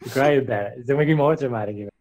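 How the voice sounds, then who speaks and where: A man's voice: medium pitch, fast talker, a little mellow. A young man reading a fan fiction aloud for laughs, often breaking into giggles as he comments. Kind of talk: comedic dramatic reading with commentary.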